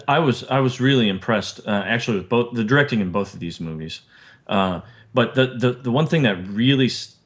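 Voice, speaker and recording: A man co-hosting a casual film podcast, halting and repeating words as he gathers his thoughts. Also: lowish voice. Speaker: podcast co-host.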